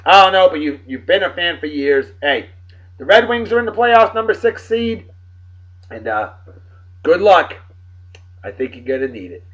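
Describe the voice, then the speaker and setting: Man, animated and rowdy vlog host, swinging pitch, dull low-fi audio. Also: normal speed, pauses often. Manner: boisterous, swearing banter. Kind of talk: casual shout-outs to friends. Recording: dull lo-fi recording.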